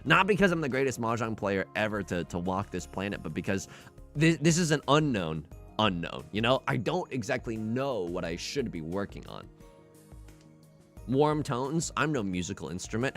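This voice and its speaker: A man streaming a game while casually chatting and answering chat, animated and self-deprecating. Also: medium pitch, a little fast, vocal fry, faint music behind.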